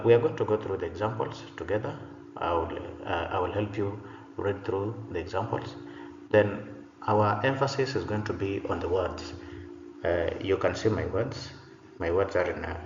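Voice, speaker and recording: A man teaching an English pronunciation lesson, speaking slowly and deliberately and saying each example word twice. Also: low voice. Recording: roomy, dull sound with faint noise.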